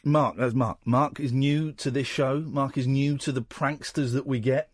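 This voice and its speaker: A man's voice: fairly even intonation, measured pace, husky, no room sound. A man with an English accent hosting a late-night radio phone-in from a studio, joking and bantering with callers. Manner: joking, bantering, drops to a low mutter at times. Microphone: studio microphone.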